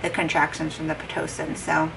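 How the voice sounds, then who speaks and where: Her voice sits low and monotone, fairly quick and fried, as this heavily pregnant young woman vlogs at home. Chatting to the camera, she recounts a conversation with lots of "like" and quoted lines, recorded on a distant mic with faint background noise.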